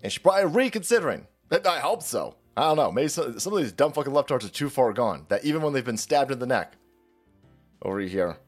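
A man's voice: mid-range voice, sing-song, fast, faint music behind. Profane, sarcastic ranting male commentator. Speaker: commentary channel host.

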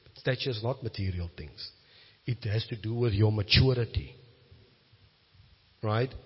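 Man, South African accent, pastor preaching, husky voice, muffled sound, long hall echo. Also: fairly low pitch, measured pace. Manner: builds from quiet storytelling to loud emphatic preaching. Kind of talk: sermon.

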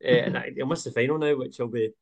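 A man's voice: medium pitch, fast. A man hosting a casual football podcast, talking with many hesitant fillers. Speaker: podcast host.

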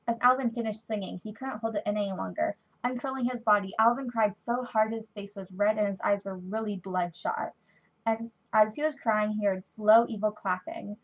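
A woman's voice: mid-range voice, fairly even intonation, moderate pace, poor audio. A woman casually reading a fan story aloud into a computer mic, often stumbling and correcting herself. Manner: chatty, stumbling, self-correcting. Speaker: fan-fiction reader.

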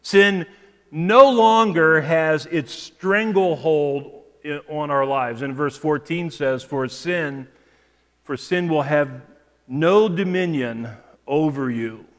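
A pastor preaching a sermon in a measured way, often repeating words as he restarts a phrase. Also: on the high side, a bit bright, in a large hall. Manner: measured preaching with frequent word repetitions and restarts. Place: church sanctuary.

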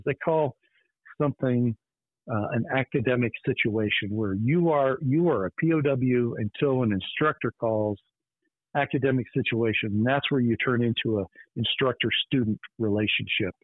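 A man's voice: mid-range voice, normal speed, dry recording. Podcast host guy telling his story, earnest and intense, sounds like a phone line. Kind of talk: personal storytelling. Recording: tinny phone-like line, dry.

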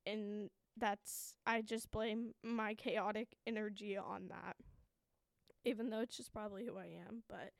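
A woman's voice: medium pitch, fairly even intonation, measured pace, vocal fry, no room sound. A woman in her early twenties hosting a podcast alone, talking candidly in a shaky, anxious voice, swearing often and laughing at herself. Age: 20s. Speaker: podcast host. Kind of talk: candid solo podcast monologue.

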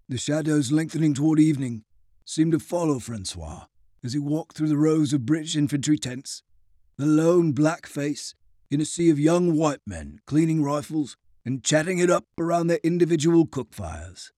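A man narrating an audiobook chapter in an expressive storytelling voice. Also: a little high, normal speed, no room sound, studio quality. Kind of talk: scripted narration.

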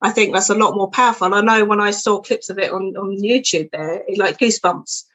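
Woman podcast host, middle pitch, earnest and gushing, repeats herself a lot. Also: steady tone, a little fast, fairly bright tone, slightly rough. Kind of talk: podcast interview.

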